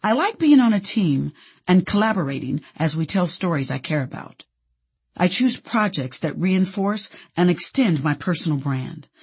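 Woman, memoir narration, very husky breathy voice, lively intonation, candid and playful. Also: fairly low pitch, normal speed. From Indianapolis, USA. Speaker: actress telling her own story.

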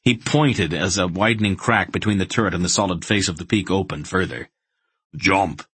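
A man narrating a fantasy audiobook in a dramatic, measured storytelling manner. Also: low-pitched, fairly bright tone, breathy edge, dry recording.

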